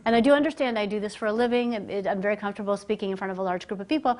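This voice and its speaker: Animated woman coaching a live audience. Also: medium pitch, rapid-fire. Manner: animated and conversational, acting out quoted voices. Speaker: communication coach. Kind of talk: live business presentation to an audience. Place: presentation room, speaking standing before a group.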